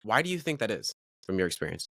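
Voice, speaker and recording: Quick-talking deep-voiced young host. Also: male voice, sing-song, vocal fry, a bit bright, no room sound, studio quality. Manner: fast, eager questioning with filler words. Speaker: podcast host. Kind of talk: interview questions.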